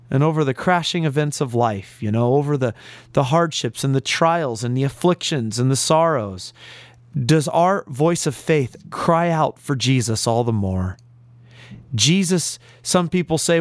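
A man delivers a sermon with earnest conviction, his voice pitched a little high. He drops to near-silent pauses and then builds back up with emphasis. The sound is dry and close, with no room around it. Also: lively intonation, no echo. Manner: earnest preaching with rising emphasis and dramatic pauses. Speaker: preacher.

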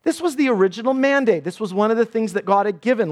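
A man's voice: high-pitched, fast, a little mellow. A man preaching a sermon, reading scripture aloud with dramatic emphasis. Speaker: pastor.

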